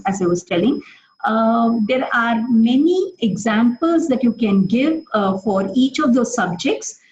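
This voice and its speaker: A middle-aged woman with an Indian English accent, giving a live webinar for teachers and explaining with many examples, often pausing on fillers and restarting. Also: medium pitch, a little mellow, dull audio. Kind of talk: live webinar talk answering questions.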